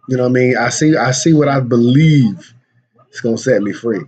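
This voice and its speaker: A man's voice: mid-range voice, expressive, moderate pace, darkish tone, husky. A man casually talking through his day trades on a vlog. He uses slang, repeats and restarts words, and says he is losing his voice. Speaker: day trader and channel host. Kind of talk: casual trading commentary. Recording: dull lo-fi recording.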